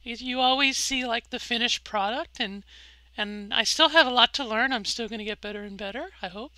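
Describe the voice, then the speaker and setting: A woman's voice: on the high side, brisk, pushed and bright, dry recording, poor audio. A middle-aged woman vlogging candidly about her voice journey, rambling a little with fillers and restarts. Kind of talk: candid personal vlog.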